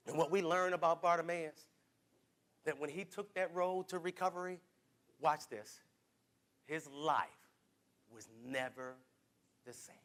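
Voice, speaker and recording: High, bright-voiced male preacher. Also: expressive, moderate pace, pauses often. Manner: rhythmic preaching, repeats phrases and builds from soft to shouting; calls on the congregation directly. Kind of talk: sermon.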